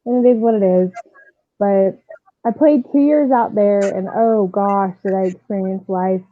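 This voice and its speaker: A woman guest, a softball coach, telling her story in a candid, conversational way. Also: mid-range voice, unhurried, no echo. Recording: tinny dry phone line.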